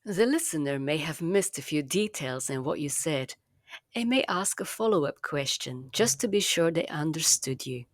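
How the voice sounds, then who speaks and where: A woman narrating a language lesson in a slow, careful, clearly enunciated teaching manner. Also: low-pitched, animated, dry recording, clean studio sound.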